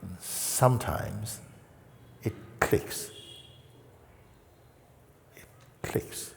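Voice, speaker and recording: A man giving a gentle, conversational spiritual talk in a large hall, acting out the people he quotes. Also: lowish voice, drawn-out words, creaky, a little hiss or hum. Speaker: spiritual teacher. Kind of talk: satsang talk. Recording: reverberant hall.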